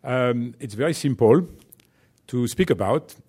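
A man's voice: medium pitch, lively intonation, measured pace, darkish tone, slightly rough. Man, French accent, executive, talk to business students, chatty, lots of fillers, asks "right?". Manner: chatty, many fillers and "right?" check-ins.

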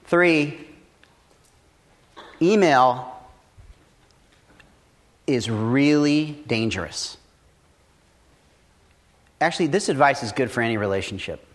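Brief: a man with a middle-pitched voice, profane and blunt, riffing on business lessons in a casual talk. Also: slow, long pauses. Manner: profane, blunt, animated storytelling. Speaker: entrepreneur giving business advice.

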